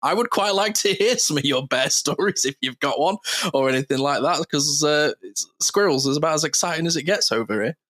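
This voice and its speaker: A man's voice: fairly high pitch, expressive, fairly quick, hardly any pauses, a bit bright. A man hosting a podcast in casual chat, talking loosely, swearing freely and laughing often. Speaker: podcast host.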